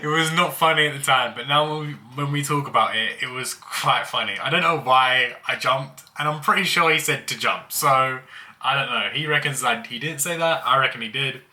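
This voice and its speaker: A man's voice: medium pitch, moderate pace, sharp tone. A young man casually telling childhood stories, laughing as he goes. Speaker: vlogger. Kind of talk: casual storytelling.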